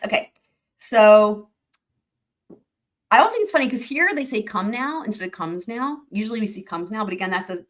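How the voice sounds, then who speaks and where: Woman livestream host, chatty explainer, reads filings aloud, mid-pitched, asides to chat. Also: a bit bright. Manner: chatty, with many fillers and asides to viewers. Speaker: host of a legal commentary livestream. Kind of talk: casual livestream commentary reading court filings.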